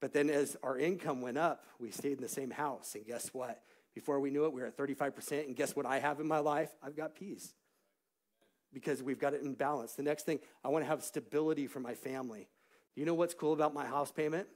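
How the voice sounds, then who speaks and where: A middle-aged man preaching a church sermon, telling personal stories in an animated way that rises into shouts of praise. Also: medium pitch, brisk. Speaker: pastor. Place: church sanctuary.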